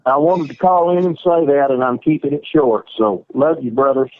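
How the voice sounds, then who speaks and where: A man's voice: mid-range voice, normal speed. A man calling in to a radio show, earnestly quoting scripture. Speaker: caller. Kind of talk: call-in radio comment. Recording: tinny phone line.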